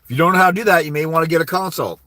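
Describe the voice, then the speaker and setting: A man's voice: a little high, very fast, bright, forceful tone, no room sound. A blunt, profane man giving casual legal advice to fathers on a livestream, telling stories with quoted dialogue. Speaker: host of a fathers' rights livestream.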